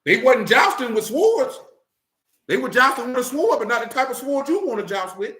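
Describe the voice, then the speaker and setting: A man's voice: very high-pitched, sing-song, normal speed, sharp tone. A man preaching in a casual, blunt way, with profanity and jokes mixed into his teaching. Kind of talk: casual sermon-style teaching. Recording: roomy echo.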